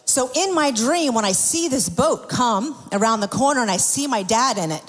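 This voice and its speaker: A woman's voice: on the high side, expressive, normal speed. A woman preaching a sermon, telling personal stories in an earnest, confessional way with frequent restarts. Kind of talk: sermon testimony. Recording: long hall reverb.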